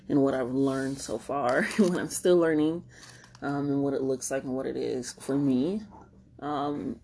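A woman's voice: extremely low pitch, a little mellow, a little hiss or hum. A young woman hosting a solo podcast, talking candidly and rambling, laughing often and swearing casually. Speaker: podcast host.

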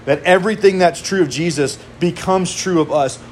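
A man's voice: high-pitched, moderate pace, a little mellow, a little hiss or hum. A man in his thirties preaching a sermon to his congregation, conversational, with casual asides. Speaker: pastor.

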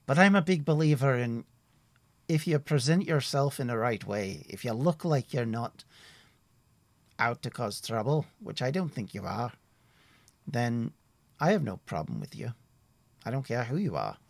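A man voicing a friendly, talkative male woodsman who guides travelers, speaking in a raised, higher voice than his narration. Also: sing-song, moderate pace, creaky, pauses often, no room sound. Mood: genial.

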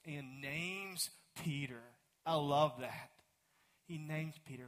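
A man with a Texan accent preaches from the pulpit with his voice pitched a touch high. He swings from ringing emphasis to quiet, drawn-out phrases and stretches the words he wants to land. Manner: dramatic swings from loud to hushed, slow drawn-out emphasis. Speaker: pastor. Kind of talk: sermon.

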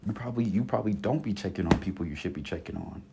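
A man's voice: deep voice, racing, gravelly, background noise. A man in his twenties giving a blunt, passionate solo podcast rant, full of slang and cursing, circling back and repeating his points. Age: 20s. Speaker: podcast host. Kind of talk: casual monologue rant.

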